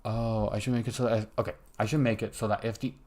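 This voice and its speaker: Speaking fast with little pitch movement, a young man in a lowish, darkish voice streams his game coding, muttering to himself in casual commentary and stopping mid-sentence. Keyboard typing and mouse clicks fill the background.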